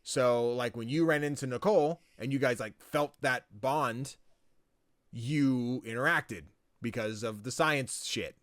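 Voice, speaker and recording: Male podcast co-host, casual recap, mid-pitched, rambling with fillers, swears, dry close sound. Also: measured pace, fairly bright tone, no echo. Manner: rambling, swears freely, lots of likes and ums. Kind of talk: casual game recap chat.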